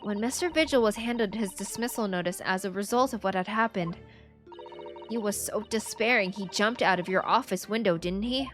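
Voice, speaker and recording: A woman's voice: mid-range voice, normal speed, fairly bright tone, natural voice. Brief: a woman reading an earnest young lawyer, polite and plain, faint game music.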